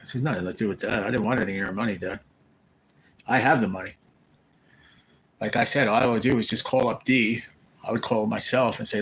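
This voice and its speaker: A man's voice: lowish voice, fairly even intonation, fairly quick, pauses often, fairly bright tone, a little hiss or hum, rough recording. A man hosting a casual live stream from a rehab facility room, rambling as he retells conversations.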